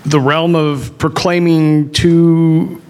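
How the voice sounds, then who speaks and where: A man addressing a church gathering in a halting, hesitant way. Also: a little high, little pitch movement, darkish tone, clean tone. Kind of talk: spoken exhortation.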